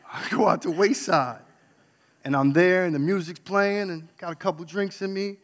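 A man from New York telling a candid personal story on stage, swinging between loud outbursts and hushed asides. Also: high-pitched, moderate pace. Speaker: speaker. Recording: long hall reverb.

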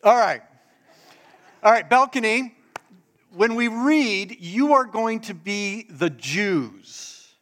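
A man's voice: high voice, expressive, takes it slowly, long pauses, fairly bright tone. A man preaching a casual, joking sermon who talks straight to the congregation and gets them to take part. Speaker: pastor. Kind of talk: sermon with audience participation.

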